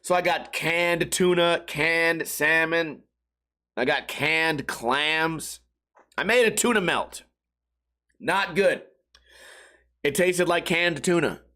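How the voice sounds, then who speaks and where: A man's voice: a little high, takes it slowly, long pauses, bright, forceful tone. Rambling, profane man ranting solo. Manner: profane, rambling, jumps into mock voices. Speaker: podcast host. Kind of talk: casual solo rant.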